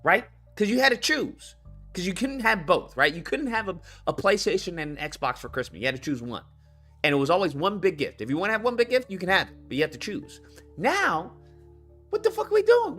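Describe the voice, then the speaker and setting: A man with a high, somewhat bright voice hosts a livestream, venting about video games without a script. He curses, gets heated, says things over and over, and reads comments from the chat.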